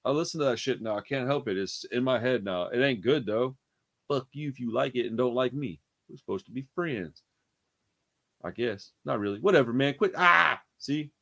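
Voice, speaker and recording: A man hosting a music reaction channel, talking casually in a profane, excitable, slangy way. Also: mid-range voice, a little fast, no echo.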